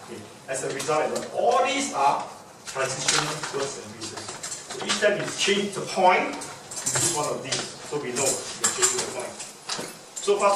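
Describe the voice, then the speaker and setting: A man giving a public speaking workshop lecture, emphatic and demonstrative, repeating key words to drive them home. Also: a little high. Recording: very echoey room, distant mic, background noise.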